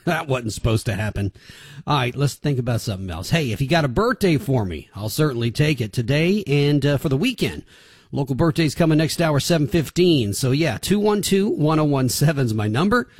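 A man's voice: medium pitch, lively intonation, brisk, breathy edge, no room sound. A man hosting a morning radio show in a folksy, chatty way, from a studio microphone. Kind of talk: casual radio chat.

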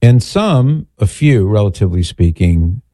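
A man's voice: fairly low pitch, very animated, a little slow, warm tone, no room sound. A man hosting a talk show, answering a listener's question in a chatty, digressive, storytelling way. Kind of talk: casual radio-style chat.

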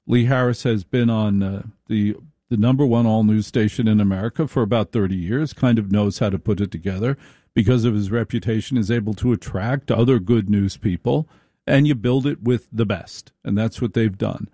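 A man's voice: lowish voice, moderate pace, dark tone, no room sound, clean studio sound. A middle-aged man hosting a late-night radio talk show, delivering an emphatic, folksy monologue to his listeners.

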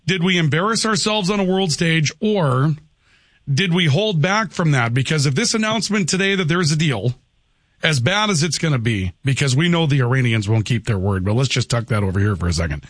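A man hosting a talk radio show, pushing back on a caller in a measured, argumentative way. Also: on the high side, lively intonation, fairly bright tone, no echo, clean studio sound. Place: radio studio.

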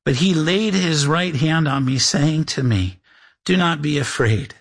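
A man's voice: fairly high pitch, measured pace, husky. A man preaching as a pastor, reading scripture aloud and acting out imagined listeners. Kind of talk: sermon.

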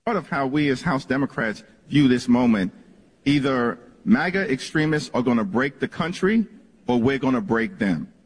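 A man's voice: mid-range voice, expressive, moderate pace, husky. A man making a political statement in a firm, declarative way. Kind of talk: political speech. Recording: clip with long reverb.

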